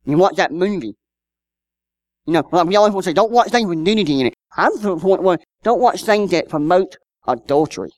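A man's voice: high voice, animated, brisk, dry recording, clean studio sound. A man, preaching a sermon in a conversational style with rhetorical questions and personal stories. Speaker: pastor.

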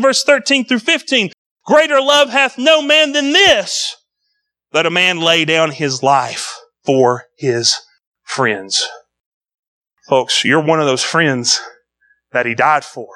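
High bright-voiced preaching man. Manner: preaching with swings between loud emphasis and low quiet delivery. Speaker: pastor. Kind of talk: sermon.

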